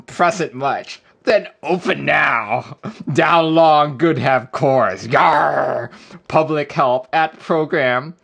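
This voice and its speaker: A man's voice: a little high, creaky, fairly bright tone, pitched above the performer's own voice, exaggerated voice. A man voicing a flamboyant male pirate, drawn out and sing-song.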